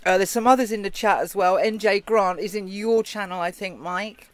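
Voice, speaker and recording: A man's voice: sits high, steady tone, normal speed, clean tone, no echo. A British man co-hosting a live show, chatting casually and reading out viewer comments. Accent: British English. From Britain. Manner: chatty, reads out chat comments. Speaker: co-host of a live chat show. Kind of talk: casual chat.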